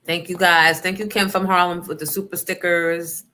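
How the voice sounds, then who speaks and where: Middle-aged lady livestreaming, bright voice, cussing and acting out people in her stories. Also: on the low side, moderate pace, a little hiss or hum. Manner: animated, profane, acts out voices in her story. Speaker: livestream host. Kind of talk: casual chat, storytelling.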